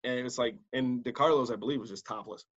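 A man, a radio DJ and podcast host, telling stories in casual chat, swearing freely and acting out quotes in a louder voice. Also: mid-range voice, fast talker, breathy edge, lo-fi sound. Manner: animated, swearing, acts out quotes loudly.

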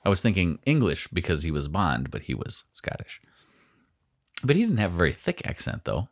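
A man's voice: deep voice, huge pitch swings, moderate pace. A man co-hosting a casual podcast chat, rambling, trailing off mid-sentence and laughing often. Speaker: podcast co-host.

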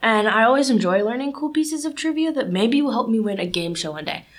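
A woman's voice: fairly high pitch, fairly quick. Chatty teen girl podcast host. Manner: chatty and animated, lots of "like" and "you know". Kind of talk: casual solo podcast monologue.

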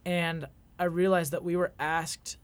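A man in his twenties, a podcast guest, telling a personal story in an earnest, reflective way with halting restarts. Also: a little high, flat delivery, clean tone.

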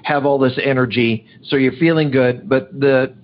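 A man's voice: medium pitch, fairly even intonation, moderate pace. A man interviewing a guest, asking questions and recapping the details back to him. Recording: dull lo-fi sound with faint noise.

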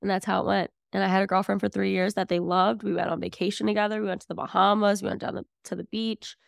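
A woman's voice: medium pitch, little pitch movement, quick pace, gravelly, dry recording, studio quality. A woman in her twenties, a podcast guest telling a personal story in a chatty, filler-heavy way. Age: 20s. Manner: chatty, filler-heavy, acts out family dialogue. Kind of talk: casual storytelling.

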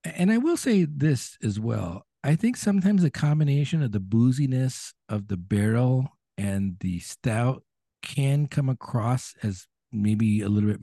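A man's voice: medium pitch, vocal fry, dark tone, no echo, studio quality. A man co-hosting a casual beer podcast, chatting and restarting his sentences as he goes. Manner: chatty, talks in quick restarts. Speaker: podcast co-host. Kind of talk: casual chat.

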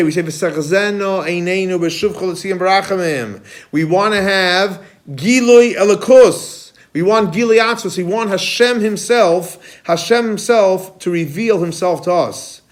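A man teaching a Kabbalah class as a rabbi, animated, quizzing students and repeating key points. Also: sits high, normal speed. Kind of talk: classroom lecture.

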